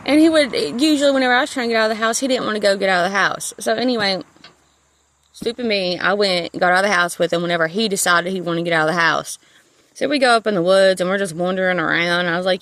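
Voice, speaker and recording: A woman's voice: mid-range voice, fairly quick, a bit bright, no room sound. A woman telling a rambling personal story to camera, swearing freely and stopping to restart her sentences. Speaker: vlogger. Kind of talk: casual storytelling.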